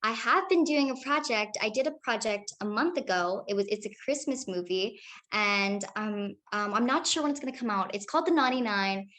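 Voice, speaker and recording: Chatty upbeat young actress. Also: female voice, mid-range voice, expressive, normal speed, a bit bright. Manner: chatty, upbeat, with many fillers. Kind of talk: casual interview answers.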